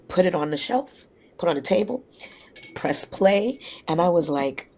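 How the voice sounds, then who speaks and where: Low, gravelly-voiced woman telling stories. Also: a little slow. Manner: lively anecdotes, acts out quoted voices. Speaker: singer guest. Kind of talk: casual interview storytelling.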